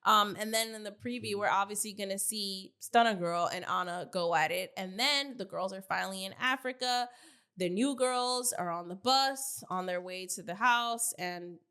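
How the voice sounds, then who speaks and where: A woman co-hosting a podcast, recapping a reality show in slangy, animated casual chat. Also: mid-range voice, normal speed, smooth. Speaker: podcast co-host.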